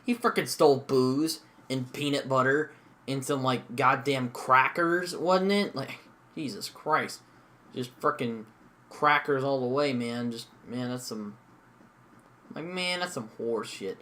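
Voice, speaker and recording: A man's voice: medium pitch, unhurried, pushed and bright. Rambling young man reviewing a show. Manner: rambling, lots of fillers and mild swearing.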